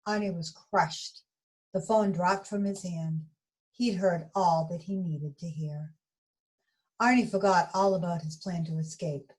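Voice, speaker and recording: A woman reading a bedtime story aloud in a gentle, expressive way. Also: fairly low pitch, a little slow, low-quality recording.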